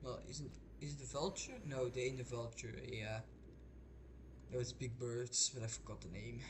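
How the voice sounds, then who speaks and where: A man's voice: medium pitch, flat delivery, normal speed. A man and English speaker, chatting casually over gameplay in a rambling, hesitant way full of restarts. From Belgium. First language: not English. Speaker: gaming streamer. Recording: noisy home mic.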